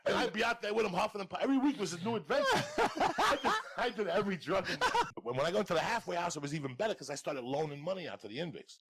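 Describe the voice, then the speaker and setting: A middle-aged man telling crude, profane comic stories on a podcast, loud and laughing, jumping from shouts to low mutters. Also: sing-song, very fast, heavy background noise. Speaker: podcast guest storyteller. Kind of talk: profane comedic storytelling.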